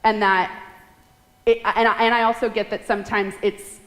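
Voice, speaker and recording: A woman in her late twenties preaching a sermon, talking fast and emotionally. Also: medium pitch. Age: late 20s. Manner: fast, emotional, laughs and tears up. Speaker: guest preacher. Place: large church hall. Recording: echoey hall with long reverb.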